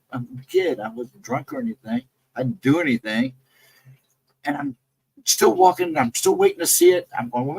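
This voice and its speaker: A man casually telling a personal encounter story, rambling and jumping sharply higher in pitch when he quotes himself. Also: gravelly, slightly rough, no echo, rough recording. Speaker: guest storyteller.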